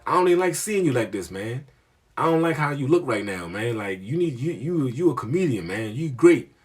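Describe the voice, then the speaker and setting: A man's voice: medium pitch, very animated, fairly quick, husky. A man putting on a pushy older neighborhood man. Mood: scolding. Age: 60s. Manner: insistent, scolding, repeats himself.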